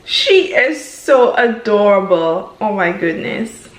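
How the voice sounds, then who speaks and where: A woman with a Jamaican accent hosts a casual reaction video, gushing over clips with exclamatory praise. Her medium-pitched voice is very animated yet slow, recorded in an echoey room with background noise.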